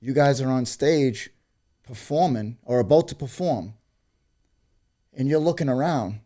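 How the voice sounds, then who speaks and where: A man's voice: mid-range voice, measured pace, pauses often, dark tone. A man, a graffiti artist, talking in a casual podcast and speaking emphatically with conviction, swearing freely.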